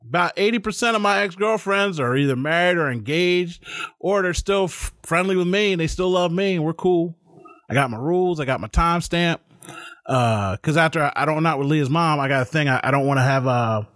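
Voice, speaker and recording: A man's voice: fairly high pitch, no echo, studio quality. A middle-aged man hosting a podcast interview, telling stories in casual chat and acting out the voices of the people in them. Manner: animated storyteller acting out voices. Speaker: podcast host.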